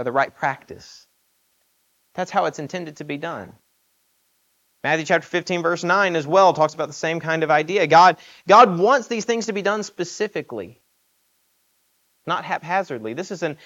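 A man's voice: sits high, a bit bright, highs cut off. A man preaching a sermon in an earnest, emphatic way, asking rhetorical questions.

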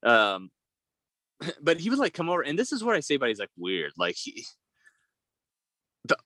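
Young man, lively, swearing storyteller. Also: on the high side, moderate pace, no room sound. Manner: rambling, profane, laughs while telling stories. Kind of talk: casual storytelling chat.

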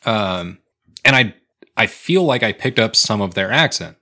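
A man's voice: lowish voice, expressive, a little slow, sharp tone. A man in his twenties co-hosting a casual podcast chat, laid-back and swearing as he tells stories. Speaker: podcast co-host.

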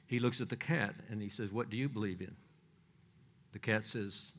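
A man's voice: lowish voice, normal speed, fairly bright tone, slight background noise. An older man preaching a sermon in a folksy, joking way, with loose restarts and chuckles.

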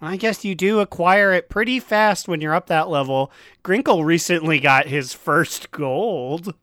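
A man's voice: fairly high pitch, a little slow, a bit bright, no echo. A man chatting casually about a video game, joking and teasing his friends. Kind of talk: casual gaming chat.

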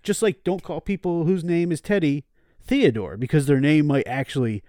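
A man's voice: a little high, moderate pace, dark tone, dry recording, studio quality. A man hosting a casual podcast, loose and joking, laughing often. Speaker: podcast host.

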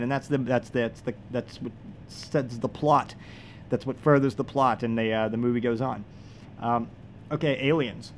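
A man hosting a comedy podcast, telling an absurd deadpan monologue in a halting, rambling way full of fillers. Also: mid-range voice, a little hiss or hum.

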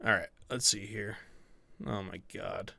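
A man's voice: on the low side, measured pace, gravelly, sharp tone, dry recording, studio quality. A man running a tabletop game as game master, rambling with fillers, swearing casually and laughing often.

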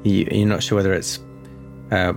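A man running a tabletop horror game as game master, narrating with many pauses and restarts. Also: deep voice, flat delivery, faint music behind. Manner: hesitant, many fillers and restarts.

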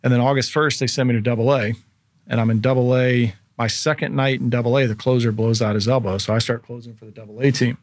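A man's voice: medium pitch, level tone, fast talker, dry recording. A man in his thirties, a former pro athlete as podcast guest, telling a long story casually and acting out the people he quotes.

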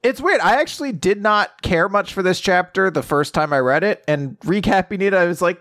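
A man casually recapping a story chapter on a podcast, animated and swearing, popping into quick funny voices for the characters. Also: high-pitched, dry recording, studio quality.

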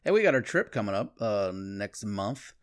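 A man with a lively, swinging voice co-hosting a podcast. He banters bluntly, takes sarcastic jabs and mocks his co-host without holding back. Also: on the low side. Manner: sarcastic, blunt, quick to mock. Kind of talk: casual crude banter.

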